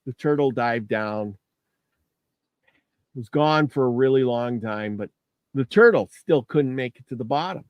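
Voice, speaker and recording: A man's voice: mid-range voice, unhurried, pauses often, clear, resonant tone, no room sound, dull audio. A man casually telling a legend in a folksy way, often restarting phrases. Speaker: storyteller. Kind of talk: casual storytelling.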